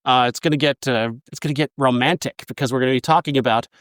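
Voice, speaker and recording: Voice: medium pitch, fast talker, fairly bright tone, no room sound. A co-host of a movie podcast in casual chat, teasing and laughing often.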